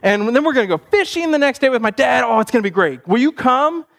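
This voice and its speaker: A man's voice: very high voice, expressive, fast talker, creaky, a bit bright, pitched above the performer's own voice, exaggerated voice. A man voicing a young boy in a sermon story, pleading and whiny. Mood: hopeful. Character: hopeful young boy inviting his friend.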